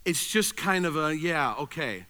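Guy preaching, high bright voice, long echo from a big hall. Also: measured pace. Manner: animated, shifts from loud emphasis to quiet intensity. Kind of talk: sermon. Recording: reverberant hall.

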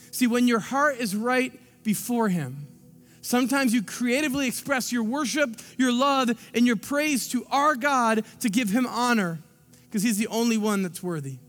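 A man with a strikingly high voice preaches a sermon from a church stage. He delivers it in an animated way, acting out little scenes, and his words ring out with a long hall reverb. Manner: animated, acts out scenes with quick asides. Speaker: pastor. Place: church sanctuary.

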